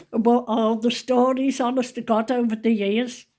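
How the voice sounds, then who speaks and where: A mellow, fairly high-pitched voice belongs to a woman in her seventies who vlogs. She tells funny stories to camera casually, rambling along in a chatty, down-to-earth style.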